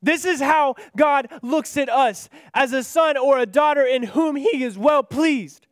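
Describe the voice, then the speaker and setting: Male preacher, very high pitch, earnest sermon delivery, dry close sound. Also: measured pace, no room sound. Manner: earnest, building to impassioned pleas then dropping soft.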